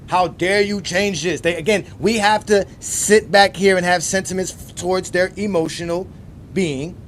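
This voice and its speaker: A man hosting a sports debate show, ranting emphatically and repeating himself, swinging from loud outbursts to low muttering. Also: slight background noise. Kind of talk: ranting commentary.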